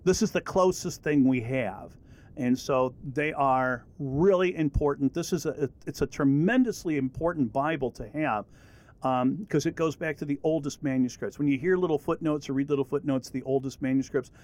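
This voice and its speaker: A middle-aged man giving a relaxed, rambling Bible lesson with many fillers and restarts. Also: a little high, moderate pace. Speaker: Bible teacher. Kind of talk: casual recorded lesson.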